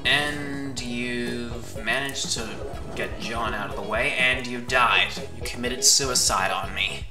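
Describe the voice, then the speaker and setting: A woman commentating on a game she is playing, playful and excitable, talking to the characters on screen. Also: extremely low pitch, slow. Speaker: gaming channel host. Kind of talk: let's play commentary. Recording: music playing under voice. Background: background music.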